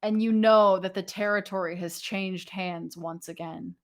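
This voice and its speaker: A young woman with a mid-range voice, speaking a little slowly, narrates as game master of a tabletop game. She's lively and casual, laughs often, and swears freely.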